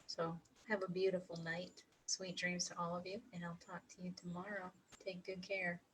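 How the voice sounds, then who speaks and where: Middle-aged woman, low-ish voice, chatty spiritual livestream host, laughs a lot, faint room hum. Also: level tone, moderate pace, low-quality recording. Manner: laughs often, warm encouraging tone. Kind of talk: casual livestream talk to viewers.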